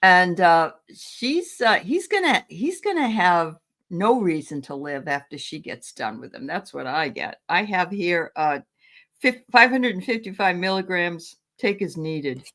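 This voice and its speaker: A middle-aged woman with a fairly low voice hosts a relaxed livestream conversation. She is chatty and laughs easily as she talks with her guest. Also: a little slow. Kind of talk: casual livestream chat.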